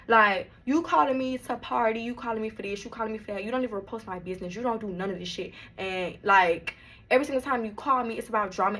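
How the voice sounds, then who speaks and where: A woman's voice: on the high side, sharp tone. A young woman vlogger, telling a storytime in a blunt, emphatic way and swearing freely. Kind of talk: storytime vlog.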